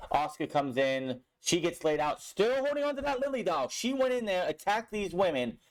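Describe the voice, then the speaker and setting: A man's voice: high voice, very animated, moderate pace. A young man recapping a wrestling show in a casual, blunt way, swearing often and sounding frustrated with the booking.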